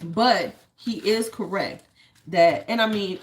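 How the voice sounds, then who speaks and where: A woman's voice: mid-range voice, slow. A woman vlogger giving casual commentary, blunt and candid, swearing freely and retelling stories by acting out what people said. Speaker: beauty vlogger.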